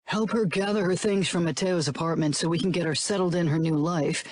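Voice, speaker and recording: A woman's voice: on the low side, brisk, a little mellow, close to an everyday voice. A woman voicing a cold, firm mafia boss in an audiobook, her delivery clipped. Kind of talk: audiobook narration.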